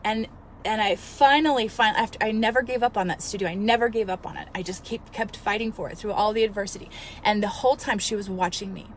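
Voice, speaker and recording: A woman in her thirties, a fitness coach, telling a story in an earnest, emotional, animated way and giving motivational advice. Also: mid-range voice, fast, a little hiss or hum. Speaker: fitness coach and studio owner. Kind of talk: casual motivational vlog.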